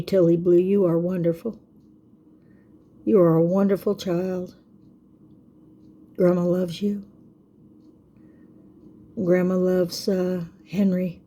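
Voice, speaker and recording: Older woman, grandmother, warm mellow tone, folksy, preachy, casual to-camera vlog. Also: fairly low pitch. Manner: folksy and preachy, checks in with "okay?". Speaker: vlogger. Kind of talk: casual faith-themed talk to camera.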